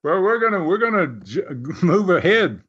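A man's voice: high voice, lively intonation, normal speed, a bit bright, slightly rough. A man telling wrestling stories on a podcast in a casual, rambling way, full of fillers and restarts. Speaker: podcast co-host and storyteller. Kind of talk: casual storytelling. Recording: dull lo-fi sound.

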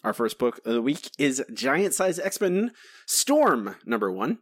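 A man co-hosting a casual comics podcast, talking quickly and joking with his co-host. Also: mid-range voice, big pitch swings, no echo. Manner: quick, joking, laughs often.

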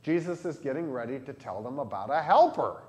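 Animated pastor teaching a class. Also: male voice, mid-range voice, fairly quick. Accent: Southern Illinois. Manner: animated, asks the class questions. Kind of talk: catechesis for children and adults.

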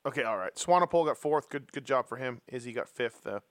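A man hosts a casual racing podcast and keeps teasing his co-hosts. His voice is mid-pitched. The sound is dry and close. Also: expressive, fast, a bit bright, no room sound. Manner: joking, teasing. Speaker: host.

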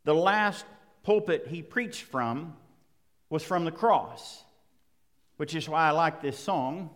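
Slow, preaching man in an echoing hall. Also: a little high, lively intonation. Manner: emphatic preaching with dramatic pauses and rising intensity. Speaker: pastor. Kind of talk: sermon. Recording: long reverb of a large hall.

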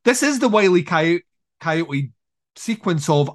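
Animated man retelling a film. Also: on the high side, unhurried. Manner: animated storyteller, acts out scenes, swears, laughs often. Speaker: podcast co-host. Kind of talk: casual film chat.

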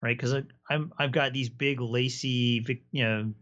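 A man's voice: medium pitch, fairly even intonation, moderate pace, fairly bright tone, highs cut off. A man hosting a casual chat, telling stories enthusiastically and explaining at length. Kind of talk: casual chat about tabletop games.

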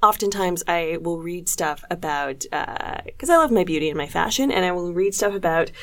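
Lowish-voiced woman discussing films. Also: expressive, normal speed, a bit bright. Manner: analytical, chatty, cites critics and theory. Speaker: podcast co-host. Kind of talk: casual film discussion.

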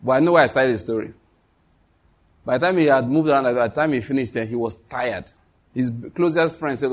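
A man's voice: medium pitch, normal speed, long pauses. A man preaching a sermon, telling a story and acting out the dialogue between God and the prophets.

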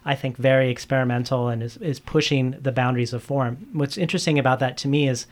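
A man's voice: mid-range voice, steady tone, quick pace. A man interviewing an author, asking long questions with frequent hesitations and restarts. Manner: hesitant, with many restarts and fillers.

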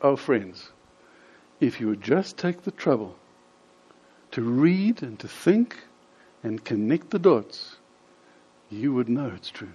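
A man's voice: medium pitch, very animated, takes it slowly, long pauses, mellow, slightly rough, full character voice. A man preaching, voicing a tender male teacher earnestly pleading with his followers. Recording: slightly dull lo-fi sound.

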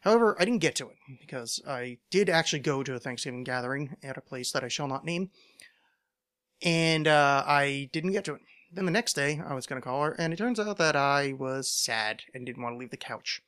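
A man's voice: mid-range voice, lively intonation, fairly quick, fairly bright tone. A man from the United States hosting his own podcast, talking alone into a microphone in a rambling, self-deprecating way with wry asides. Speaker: podcast host. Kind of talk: solo casual monologue. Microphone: home podcast microphone.

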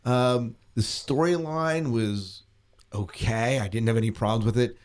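A man's voice: medium pitch, measured pace. A middle-aged man hosting a podcast, talking casually with frequent restarts. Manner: rambling, hesitant, many restarts and laughs. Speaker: podcast host.

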